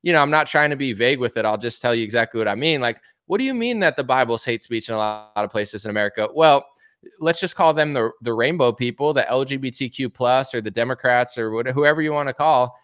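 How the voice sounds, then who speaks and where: A man's voice: mid-range voice, lively intonation, fast talker, a bit bright, clear, resonant tone, dry recording, studio quality. A man hosting a casual opinion commentary, talking bluntly and asking one rhetorical question after another. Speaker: commentary show host.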